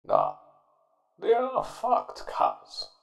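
A man's voice: very deep voice, wildly swooping pitch, extremely slow, exaggerated voice. A man playing a foul-mouthed character whose voice sounds posh, in a fan audio drama. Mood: wry. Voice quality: gravelly posh drawl.

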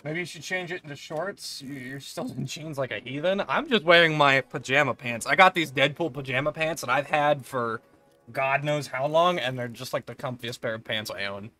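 A man's voice: mid-range voice, moderate pace, sharp tone, faint music behind. A young man live-streaming a game, chatting casually, laughing often and swearing freely in a rambling, playful way. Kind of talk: casual live-stream chat while gaming.

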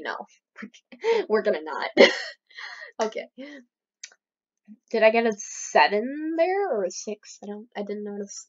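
A woman's voice: medium pitch, sing-song, slow pace, pauses often. A young woman giving casual gameplay commentary as a let's play host, chatty and playfully mock-outraged at her opponents. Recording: slightly dull lo-fi recording.

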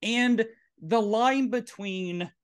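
A man's voice: sits high, very slow, smooth. A man from Tennessee with a Southern accent, hosting a casual podcast chat in his drag queen persona, playful and chatty. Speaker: podcast host.

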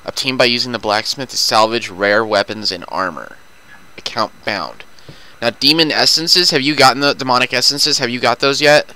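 Bright-voiced, foul-mouthed gamer guy. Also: medium pitch, normal speed, clear, resonant tone, rough recording. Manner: profane, loose and talkative. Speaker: gaming commentator. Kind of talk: casual gameplay chat.

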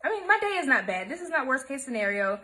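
A woman's voice: high-pitched, fast talker. A woman, hosting a casual live embroidery stream and chatting to her viewers. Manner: chatty, expressive, addresses viewers as y'all. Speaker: embroidery livestream host.

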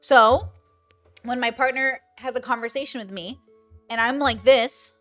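Woman, casual livestream chat, chatty, lively quoted voices, faint music behind. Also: on the high side, moderate pace, no room sound. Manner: animated, acts out quoted voices; chatty, thinks aloud with many fillers. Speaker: online content creator.

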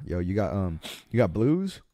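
A young man voicing a low, mumbling shady buyer who answers himself in a back-and-forth. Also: very animated, measured pace, mellow, dry recording, full character voice.

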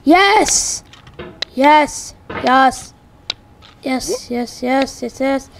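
A woman's voice: high voice, unhurried, slight background noise. A woman playing a frustrating game on camera, exclaiming and muttering at it. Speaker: let's play gamer.

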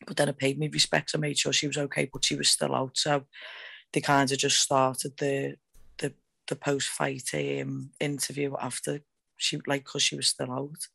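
A woman fighter on a radio talk show, telling her stories in a rambling, animated way with lots of fillers. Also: a bass voice, normal speed, vocal fry, breathy edge, dry recording. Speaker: MMA fighter guest. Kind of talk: excited casual storytelling.

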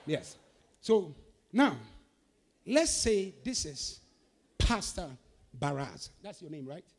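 High, gravelly fervent male preacher. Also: sing-song, takes it slowly. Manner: fervent chanted declarations; repetitive rhythmic preaching. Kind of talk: sermon.

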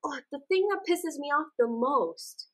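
A young woman co-hosting a chatty podcast, her voice sitting a little high. She talks in animated, exasperated bursts and slips into quick acted-out quotes of the people she's discussing. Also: low-quality recording. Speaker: podcast co-host. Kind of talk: casual chat.

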